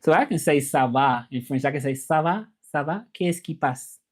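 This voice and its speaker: A man's voice: on the high side, normal speed. A man hosting a casual livestream, greeting viewers in a laid-back way and dropping in French phrases. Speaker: livestream host.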